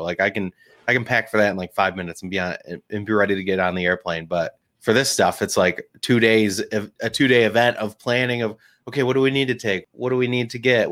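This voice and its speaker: A man co-hosts a podcast, his voice fairly low in pitch with a slightly bright edge. He chats casually and rambles, using plenty of filler words.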